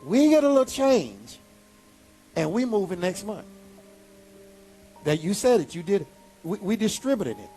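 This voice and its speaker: Pastor guy preaching animated, voice jumps way up, soft music under it. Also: fairly quick, pauses often. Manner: animated preaching with sudden high exclamations. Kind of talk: sermon.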